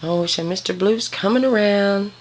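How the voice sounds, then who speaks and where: A dog breeder films her puppies at home on a handheld camera, cooing baby talk at them and explaining them in home video narration. Her voice is medium-pitched at a normal speed, with a little hiss or hum.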